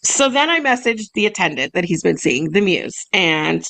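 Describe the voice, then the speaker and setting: A woman's voice: lowish voice, big pitch swings, moderate pace, gravelly, fairly bright tone. Bubbly young woman podcast co-host. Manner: bubbly, laughs often, gets choked up. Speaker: podcast co-host, massage business owner. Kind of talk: casual chat, reading emails aloud.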